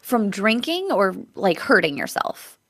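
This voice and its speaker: A woman's voice: mid-range voice, sing-song, unhurried, fairly bright tone. A woman hosting a casual podcast chat, candid and laughing, reading listener stories aloud. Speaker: podcast host.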